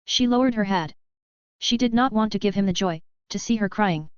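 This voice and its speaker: A woman narrating a story in an even, steady reading voice. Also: medium pitch, moderate pace, clear, resonant tone, no room sound, highs cut off. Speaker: audiobook narrator. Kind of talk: scripted narration.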